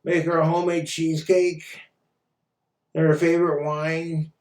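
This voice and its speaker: A man rants into the camera, blunt and crude, swearing freely. His voice sits a little high for a man. It echoes around the room and sounds set back from the mic. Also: flat delivery, normal speed, long pauses. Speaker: vlogger. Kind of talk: profane casual rant. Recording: roomy echo, far from mic.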